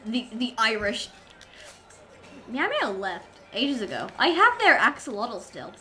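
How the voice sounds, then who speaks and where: A woman's voice: a little high, huge pitch swings, slow pace, pauses often, pushed and bright, faint music behind, rough recording. A woman livestreamer rambling in casual chat with her viewers while gaming, giggling and poking fun at herself. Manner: rambling, giggly, self-mocking.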